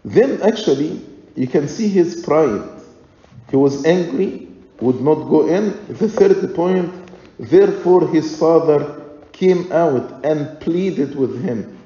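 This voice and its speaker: A man preaching a sermon in a slow, deliberate, emphatic way, repeating his points. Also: on the high side, lively intonation, warm tone. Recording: echoey hall, dull lo-fi sound.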